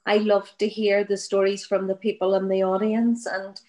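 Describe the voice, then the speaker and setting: A woman's voice: mid-range voice, little pitch movement, moderate pace, a little mellow, low-quality recording. A woman, a storyteller guest recounting an anecdote and acting out its voices. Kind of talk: oral storytelling.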